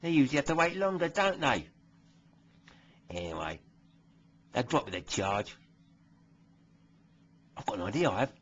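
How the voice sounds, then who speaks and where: A man doing a smug, husky copper. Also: mid-range voice, sing-song, normal speed, pauses often, fairly bright tone, highs cut off. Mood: smug gossip. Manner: chatty, nudging tag questions. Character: smug bigoted male British police constable. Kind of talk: satirical comic monologue.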